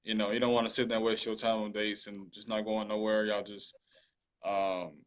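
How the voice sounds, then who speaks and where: A man joining a casual relationship-advice talk, speaking in a relaxed, measured way. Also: lowish voice, low-quality recording.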